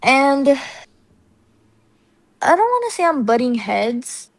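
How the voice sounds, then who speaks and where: Young woman, slightly high, rambling. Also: very animated, slow, dry recording. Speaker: podcast co-host, younger sister. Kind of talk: casual chat.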